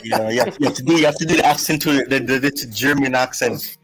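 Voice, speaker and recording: Guy joining a footy chat, playful teasing tone, medium pitch. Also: fast talker, crowd noise. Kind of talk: casual chat.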